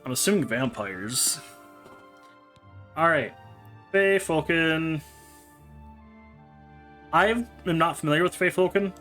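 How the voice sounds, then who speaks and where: A man reading in-game books aloud on a stream, in an unhurried, plain way with small slips and fillers. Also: a little high, very animated, pushed and bright, soft background music. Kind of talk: casual read-aloud of a story.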